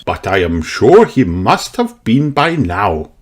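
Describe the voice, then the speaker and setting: A man voicing an easygoing father rabbit in a storybook read-aloud, drawn-out and unhurried. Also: on the low side, big pitch swings, background noise. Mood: cheery.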